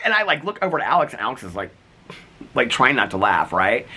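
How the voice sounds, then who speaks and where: A man vlogging, telling neighborhood stories in a rambling, animated way full of fillers. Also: mid-range voice, moderate pace, breathy edge. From United States. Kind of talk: casual storytelling.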